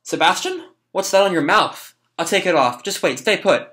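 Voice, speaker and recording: A man voicing a frightened young boy who cries out and pleads for help in a high voice. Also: expressive, moderate pace, pushed and bright. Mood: pleading.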